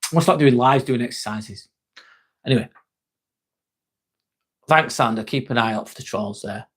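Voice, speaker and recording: In a casual live-stream chat, a man reads messages from his audience and replies straight to them, chatty and jokey, with some swearing. He speaks at a normal speed in a mid-range voice with a fairly bright tone.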